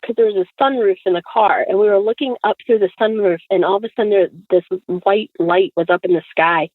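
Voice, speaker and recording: Chatty woman guest storyteller, tinny dry phone-line sound, lively delivery. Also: mid-range voice, brisk, dry recording. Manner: chatty, lots of fillers, acts out quotes. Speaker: podcast guest. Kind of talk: animated storytelling.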